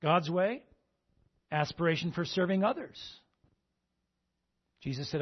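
A man's voice: on the high side, animated, measured pace, long pauses, husky, lo-fi sound. A male pastor preaching a sermon and asking the congregation "amen?" between points. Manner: call-and-response, repeating "amen?" to the congregation.

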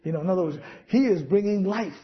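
High-voiced man preaching with stories. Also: fast talker, muffled recording. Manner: storytelling with acted-out quotes, chuckling. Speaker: pastor. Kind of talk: sermon.

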